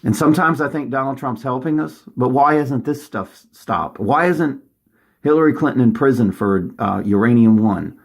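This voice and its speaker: A man's voice: mid-range voice, moderate pace, creaky, slightly rough. A man delivering an urgent, agitated monologue from home, often restarting his sentences. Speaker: vlogger. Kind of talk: rambling monologue to camera.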